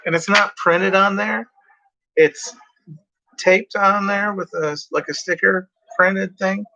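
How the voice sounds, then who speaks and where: Tired man with a bright voice. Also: sits high, steady tone, slow pace, lo-fi sound. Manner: rambling, reads out track lists. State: tired, yawning. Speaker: music collector reviewing cassette tapes. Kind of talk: casual rambling monologue.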